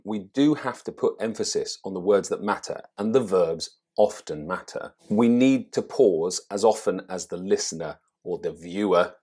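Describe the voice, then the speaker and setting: Husky low-voiced man coaching presenters. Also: a little mellow. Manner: conversational, thinking aloud with fillers and asides. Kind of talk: teaching to camera.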